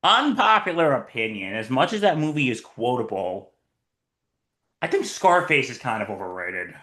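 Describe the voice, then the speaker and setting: A man's voice: mid-range voice, normal speed. A man co-hosting a casual sports podcast chat, joking and playful. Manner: joking, lively, does playful impressions. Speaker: podcast co-host. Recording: roomy echo.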